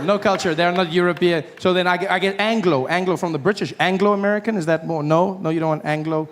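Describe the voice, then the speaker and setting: A man performing a stand-up routine, animated and acting out other people in shifting voices. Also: sits high, fast, few pauses. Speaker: stand-up comedian. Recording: live stage with audience noise.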